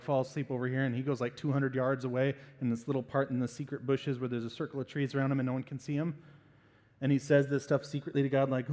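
A man preaching a sermon as pastor, animated and acting out little voices to make a point. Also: medium pitch, long reverb tail.

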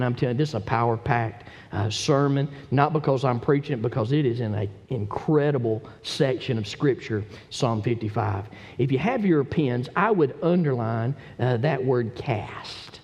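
A man preaching a sermon from a church pulpit, building from steady teaching into impassioned, emphatic calls to his listeners. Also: medium pitch, normal speed. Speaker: pastor. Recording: long hall reverb.

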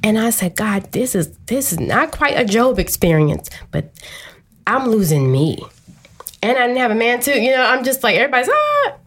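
A woman guest on a talk show, candidly telling a personal story in a quick, open way. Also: on the high side, lively intonation, husky.

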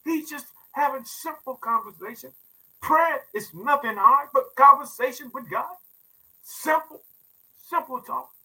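A man's voice: very high voice, normal speed, low-quality recording. A man preaching a sermon, reading psalm verses aloud and turning to his listeners with repeated asides and informal talk. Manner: repeats "let me tell you something", swings from soft asides to loud scripture reading; calls listeners "family", informal everyday grammar.

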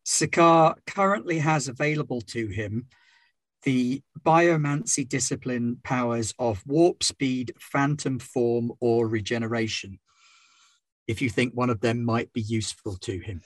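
Man, husky voice, dry sound, game master, calm explanations. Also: mid-range voice, measured pace, no room sound. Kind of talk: narrating a tabletop game.

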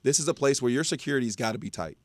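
A man co-hosting a sports talk show, hoarse and emphatic in giving his opinion. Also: medium pitch, lively intonation, rapid-fire, no room sound. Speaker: co-host. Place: studio.

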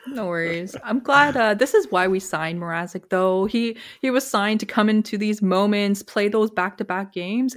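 Woman co-host, casual hockey chat, laughs often, mid pitch. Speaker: podcast co-host.

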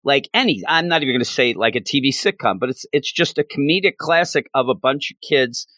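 A man's voice: medium pitch, brisk, dry recording. A man co-hosting a casual podcast chat, eagerly retelling comic scenes and acting out the characters' lines. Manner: animated, acts out characters' lines while retelling. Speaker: podcast co-host.

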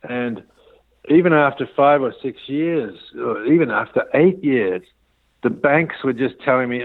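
A man's voice: medium pitch, expressive, a little slow. A man rambles through a business story as an interview guest, acting out the quoted dialogue. He talks in a middle register, and the sound is thin and phone-like with no room echo. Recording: tinny dry phone line.

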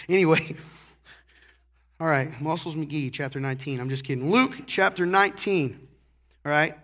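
Joking, animated man preaching a sermon. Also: a little high, a little slow, long pauses. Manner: joking, animated, acts out characters; clears throat often. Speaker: pastor.

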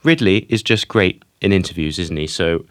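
A man's voice: low-pitched, normal speed, a bit bright, no echo, studio quality. A man hosting a film podcast in casual chat, hesitant and repeating words as he goes. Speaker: podcast host.

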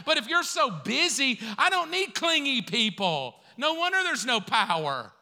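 A man's voice: extremely high pitch, big pitch swings, unhurried, bright, forceful tone. A man preaching a sermon as pastor, conversational and acting out the voices he quotes. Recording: long hall reverb.

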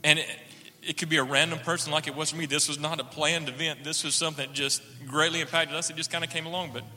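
A man's voice: fairly high pitch, level tone, quick pace, pushed and bright, big-room sound. A man sharing an earnest personal testimony in church, acting out the dialogue as he tells it. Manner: earnest storytelling, acts out dialogue.

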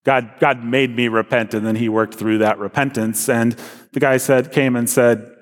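A young man tells a personal story in an earnest, casual way, often circling back with fillers and restarts. His medium-pitched voice trails a long reverb, as if he is speaking in a large hall. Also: fairly even intonation, normal speed. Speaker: speaker sharing a personal testimony. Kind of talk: casual spoken testimony.

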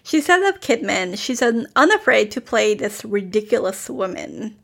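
A woman with a mid-range, slightly bright voice and vocal fry sounds very animated as she co-hosts a podcast. She chats casually and critically about a TV series, laughing quickly and peppering her talk with "like."

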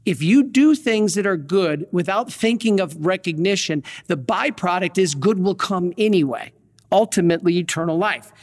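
A Catholic priest giving a conversational sermon, telling stories with folksy asides and light humor. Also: male voice, sits high, big-room sound.

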